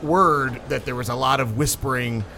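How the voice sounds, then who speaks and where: A man's voice: mid-range voice, moderate pace, gravelly, bright, forceful tone, slight background noise. A man co-hosting a casual Catholic talk, telling an anecdote with hesitant starts. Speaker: Catholic podcast co-host.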